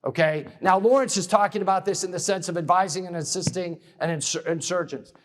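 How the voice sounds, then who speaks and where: Male lecturer, fairly high voice, casual conference-talk delivery with frequent "okay?" check-ins. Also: a little fast. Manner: restarts and repeats words while building a point. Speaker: military studies lecturer and author.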